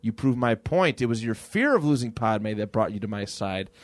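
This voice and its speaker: A man putting on a low, menacing voice for a cruel, scheming old male galactic emperor while retelling a comic on a podcast. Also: big pitch swings, moderate pace, no room sound.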